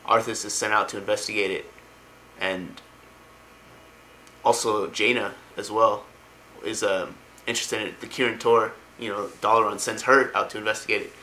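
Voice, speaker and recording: A man's voice: fairly low pitch, little pitch movement, normal speed, sharp tone, a little hiss or hum. A man casually retelling video game lore, rambling with lots of ums and likes. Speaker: lore explainer.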